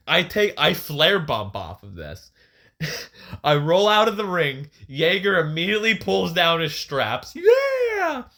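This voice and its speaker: A young man recounts a story on a casual podcast. He is animated and profane and laughs often. His tone is bright and forceful, pitched a little high. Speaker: podcast co-host. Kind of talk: casual chat, retelling a match.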